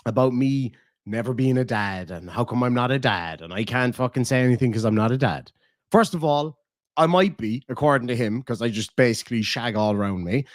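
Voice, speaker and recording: A man's voice: medium pitch, dry recording, studio quality. A young Irish man hosting a casual livestream, swearing, joking and reading out chat messages. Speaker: livestream host.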